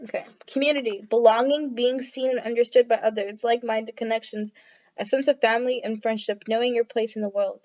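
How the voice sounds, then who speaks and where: A woman's voice: fairly high pitch, steady tone, a little fast, darkish tone. A woman doing a casual tarot reading to camera, reading card texts aloud and chatting with many fillers. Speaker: tarot reader. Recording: dull lo-fi audio.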